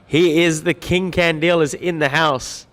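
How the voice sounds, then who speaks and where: A man's voice: fairly high pitch, fairly even intonation, a little slow, fairly bright tone, big-room sound. A man hosting a livestream, greeting viewers by name with light jokes in an upbeat chatty way. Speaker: livestream host reading viewer comments. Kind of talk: upbeat live-stream chat.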